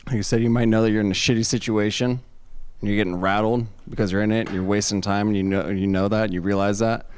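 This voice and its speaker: Earnest, encouraging man with a lowish voice. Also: level tone, fast talker, clean tone. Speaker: co-host tarot reader. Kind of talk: casual encouraging pep talk.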